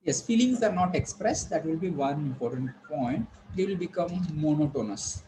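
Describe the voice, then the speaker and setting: A man teaching a class, explaining slowly and repeating himself with frequent pauses. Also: fairly high pitch, lively intonation, background noise. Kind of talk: online classroom lecture.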